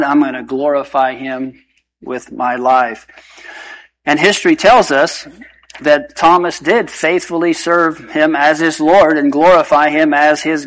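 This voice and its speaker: A man preaches with earnest emphasis, his voice sitting a little higher than most men's. He slows down for key phrases and rushes others, pressing each point home. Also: fairly bright tone, low-quality recording. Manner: earnest, emphatic, shifting pace. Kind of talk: sermon.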